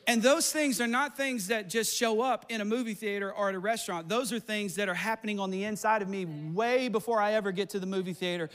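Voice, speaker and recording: A pastor preaching with a strikingly high voice for a man. He is middle-aged and tells his stories with quick asides and animated energy. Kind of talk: sermon.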